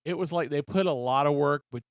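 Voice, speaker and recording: A man's voice: a little high, a little fast, clear, resonant tone, dry recording, studio quality. A man co-hosting a podcast, chatty and joking, laughing often. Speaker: podcast co-host. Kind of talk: casual podcast chat.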